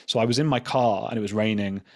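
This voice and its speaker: Low-voiced man telling stories. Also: fast talker, darkish tone, no echo, clean studio sound. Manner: rambling, self-deprecating, many "like" fillers. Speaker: journalist and podcast guest. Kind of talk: casual storytelling in an interview.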